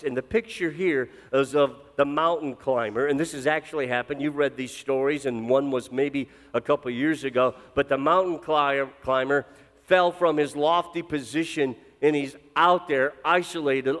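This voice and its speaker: A middle-aged man preaching a sermon as pastor, swinging from loud emphatic lines to low, intense drops. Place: church sanctuary. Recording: long reverb of a church hall.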